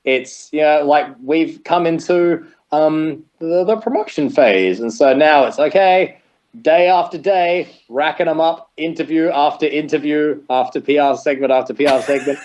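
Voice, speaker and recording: A man chatting as a podcast guest, animated and laughing often, now and then jumping into a high shouted promo voice. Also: normal speed. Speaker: podcast guest, metal singer. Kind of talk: casual chat. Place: in Japan, remote call.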